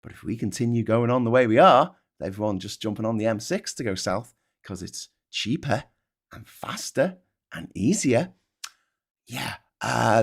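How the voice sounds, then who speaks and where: A man delivers a heated, sarcastic rant, swearing freely and tripping over restarts. His pitch swings widely as he talks. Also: breathy edge. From Liverpool, England. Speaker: vlogger, channel host. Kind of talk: casual ranting monologue.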